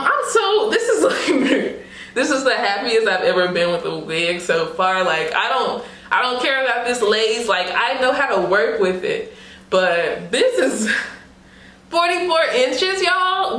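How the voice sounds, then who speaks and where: A young woman unboxing a wig for her vlog, excited and laughing, talking casually with lots of slang and fillers. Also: fairly high pitch, a little hiss or hum. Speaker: beauty vlogger. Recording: roomy echo.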